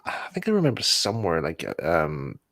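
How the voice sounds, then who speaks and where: A young man with a fairly low voice chats casually as host of a livestream, rambling, laughing and correcting himself. The sound is dry and close. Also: wildly swooping pitch, moderate pace, a bit bright, no room sound. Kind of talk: casual chat while building models.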